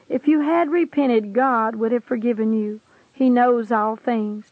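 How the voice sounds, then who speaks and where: A woman's voice: a little high, fairly even intonation, a little slow, no echo. A woman narrating a religious vision account in a grave, preaching cadence. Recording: dry, tinny phone-like sound.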